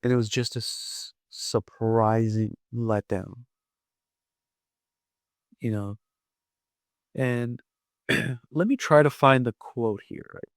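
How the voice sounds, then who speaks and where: A man's voice: mid-range voice, slow, pauses often, dry recording, studio quality. A man giving casual commentary on his vlog, rambling with lots of fillers and restarts. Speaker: wrestling vlogger.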